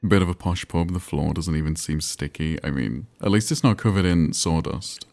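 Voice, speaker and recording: A man's voice: deep voice, moderate pace, gravelly, darkish tone. A man streaming a game, chatting and rambling while reading chat aloud. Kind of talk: casual live-stream commentary.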